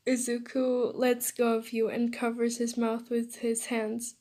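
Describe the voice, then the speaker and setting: A woman's voice: on the high side, completely flat delivery, a little slow, few pauses, mellow. A young woman reading a fanfiction story aloud in a casual, unpolished way with occasional stumbles. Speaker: fanfiction reader.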